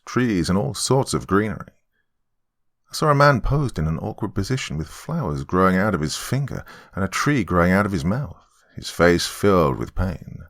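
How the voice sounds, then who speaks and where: A man's voice: deep voice, a bit bright. A man hosting a horror podcast, dramatically telling a first-person scary story. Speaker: horror podcast host and narrator. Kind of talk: scripted horror narration.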